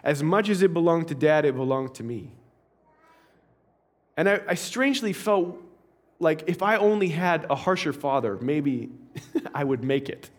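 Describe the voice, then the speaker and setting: A man preaching a sermon as an animated, humorous story with frequent asides. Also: fairly high pitch, unhurried, long pauses. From Canada.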